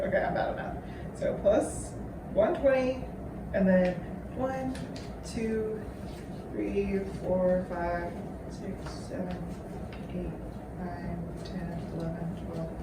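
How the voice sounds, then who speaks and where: A young woman hosting a casual vlog. She swears freely and counts aloud in a low voice. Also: fairly even intonation, measured pace, pauses often. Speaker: vlogger host. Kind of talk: casual chat to camera. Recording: roomy echo, from far off, faint noise.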